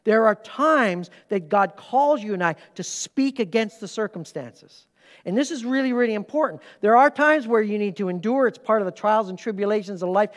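A man pastor preaching a sermon, emphatic, swinging between loud urgent lines and hushed asides. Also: high-pitched, lively intonation, moderate pace, hardly any pauses. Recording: hall reverb.

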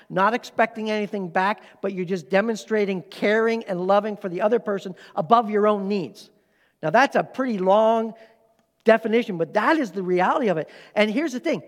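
A middle-aged male pastor delivers a sermon with a high, bright voice that carries a long reverb through a large hall. His talk stays conversational and direct, with repeated words and heavy stress landing on the lines that matter. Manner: emphatic, conversational, rising to strong stress.

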